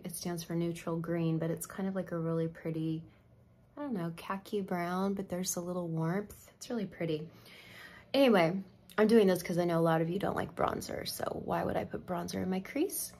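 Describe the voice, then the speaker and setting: Storytelling woman with a low voice. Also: steady tone, moderate pace, darkish tone. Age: middle-aged. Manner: emotional storytelling, drops to a near whisper at tense moments. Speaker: makeup vlogger. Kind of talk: casual chat while doing makeup.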